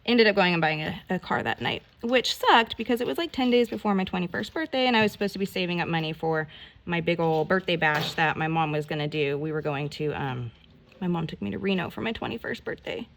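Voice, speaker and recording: A woman telling a rambling, animated story in a casual storytime vlog while she does her nails, full of "like" and mild swearing. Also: lowish voice, fairly quick. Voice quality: gravelly, creaky voice. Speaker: nail vlogger.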